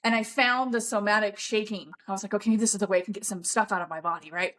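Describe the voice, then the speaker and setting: A woman's voice: mid-range voice, fairly even intonation, quick pace, fairly bright tone, a little hiss or hum. Blunt swearing woman on a podcast. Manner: emphatic, coaching tone. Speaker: podcast guest. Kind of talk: casual podcast conversation.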